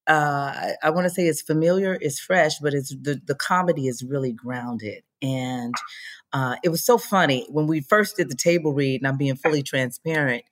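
A woman actress talking casually in an interview, animated and acting out the voices she quotes. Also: low voice, moderate pace. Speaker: actress guest.

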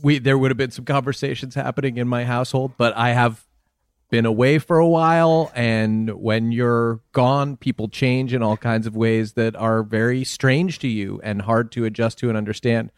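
Deadpan mock-serious podcast man. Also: mid-range voice, moderate pace, clear, resonant tone, no echo, studio quality. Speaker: podcast host. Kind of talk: comedic podcast banter.

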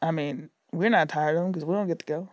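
Relaxed woman in a dry, close recording. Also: deep voice, no room sound. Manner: relaxed, profane, quick to laugh. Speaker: guest, TV comedy writer. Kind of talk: casual podcast chat.

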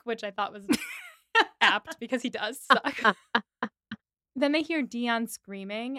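A woman's voice: mid-range voice, no echo, clean studio sound. A woman co-hosting a podcast, casually recapping a movie scene by scene and acting out the characters' lines. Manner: animated retelling with quoted voices, frequent laughs. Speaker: podcast co-host. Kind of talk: casual chat recapping a film.

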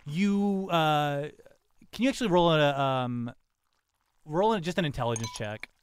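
A man narrating a tabletop game as game master, lively and playful. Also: on the high side, measured pace, a little hiss or hum.

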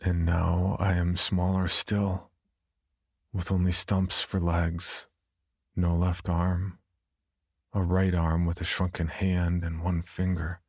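A man narrating a first-person horror story in a subdued, brooding way, with a husky, gravelly voice. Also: low voice, monotone, slow, dry recording, clean studio sound.

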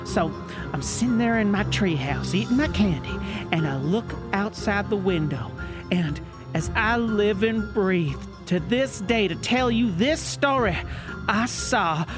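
Женщина играет хвастливого болтливого южанина с южноамериканским акцентом, который медленно и сбивчиво рассказывает байку. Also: female voice, medium pitch, lively intonation, a little slow, music in the background, lightly acted. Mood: drawling yarn. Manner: drawling, rambling, full of fillers. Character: boastful rambling Southern man, storyteller. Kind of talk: improvised comedy character.

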